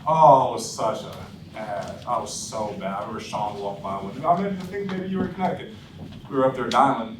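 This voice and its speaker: A man giving blunt, animated sales coaching to his team, acting out phone calls as he tells stories. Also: on the low side. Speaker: insurance sales trainer. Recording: roomy echo, distant mic, background noise.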